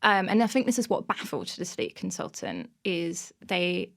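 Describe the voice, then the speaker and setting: A woman's voice: fairly low pitch, wildly swooping pitch, normal speed, vocal fry. A woman, a podcast guest, telling funny self-mocking stories in a casual interview, often breaking into laughter.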